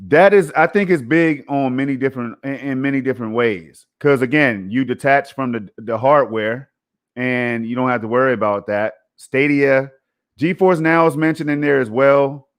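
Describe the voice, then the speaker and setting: A man's voice: mid-range voice, moderate pace. A man co-hosting a casual gaming podcast, talking emphatically in a conversational way and often tossing in "man" and "you know". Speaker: podcast co-host.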